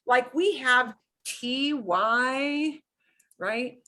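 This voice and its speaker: Woman teacher, slow patient explaining, brightish higher voice, keeps asking okay?. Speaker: Spanish teacher. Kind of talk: online beginner class.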